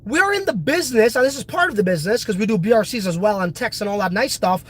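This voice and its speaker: A man's voice: high-pitched, animated, fast talker, slightly rough, low-quality recording. A congested man hosting a casual crypto video, talking in a brash, profane, hyped way. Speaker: crypto project host.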